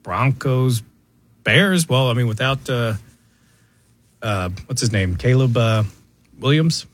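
Husky mid-pitched radio co-host dude, teasing, wisecracks, faint music behind. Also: male voice, expressive, slow. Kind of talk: casual sports radio banter.

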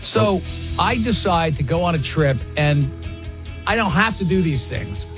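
A man's voice: a little high, animated, measured pace, music in the background. A man hosting a sports radio show, chatting casually and telling rambling, self-deprecating stories.

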